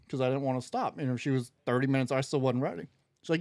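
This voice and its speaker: A man of average pitch talks animatedly as a podcast guest, acting out the lines of people in his story. The sound is dry and close, with almost no room around him. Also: quick pace, dry recording. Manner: animated storyteller, acts out quoted dialogue. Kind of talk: casual storytelling chat.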